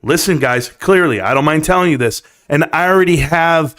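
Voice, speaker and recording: Guy hosting a live stream, kinda high voice, chatty and punchy, tells little stories while he talks stocks. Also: moderate pace, fairly bright tone. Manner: chatty, storytelling, emphatic. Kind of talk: casual live-stream market talk.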